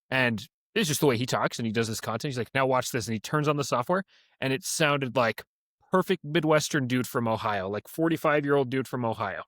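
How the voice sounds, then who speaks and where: A man's voice: medium pitch, fairly bright tone, no room sound, studio quality. A young man co-hosting a podcast in casual chat, telling stories and acting out the voices he quotes. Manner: storytelling, acts out quoted voices. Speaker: podcast co-host.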